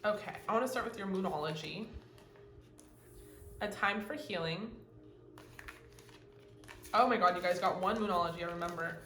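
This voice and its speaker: Excitable woman reading tarot in an echoey room. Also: lowish voice, normal speed, long pauses, faint music behind. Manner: excitable and gushing, swears casually. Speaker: tarot reader. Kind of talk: casual pick-a-card tarot reading. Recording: roomy echo with faint ambient noise.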